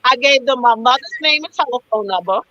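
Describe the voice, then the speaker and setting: A woman guest telling her story in a live interview, animated, blunt and profane. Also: a little high, a little fast, no room sound, muffled recording.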